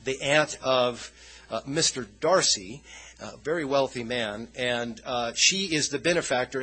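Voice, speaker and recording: Husky, bright-voiced man preaching. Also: mid-range voice, poor audio. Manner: conversational, loose and rambling. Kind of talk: informal sermon.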